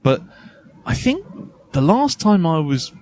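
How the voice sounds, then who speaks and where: A man's voice: a little high, big pitch swings, takes it slowly, warm tone, dry recording. A man hosting a casual podcast chat, rambling and laughing often. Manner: rambling, laughs often, lots of "you know". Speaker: podcast host.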